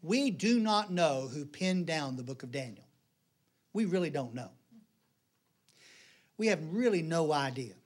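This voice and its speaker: A middle-aged man preaching a sermon in a church, folksy and joking, telling stories with animated delivery. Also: a little high, measured pace, long pauses. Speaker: pastor. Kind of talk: sermon with jokes.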